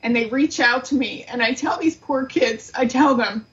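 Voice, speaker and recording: A middle-aged woman speaks with a slightly high voice, earnest and grief-stricken, her words halting as she tells a painful story. The audio sounds dull and lo-fi. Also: a bit bright. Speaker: guest, aunt of the subject. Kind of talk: emotional interview storytelling.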